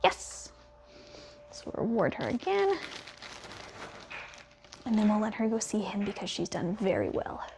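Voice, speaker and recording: A young woman, a dog trainer, explaining as she works a dog, talking slowly and steadily and praising quietly, sometimes in a whisper. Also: medium pitch, huge pitch swings, vocal fry, a little hiss or hum.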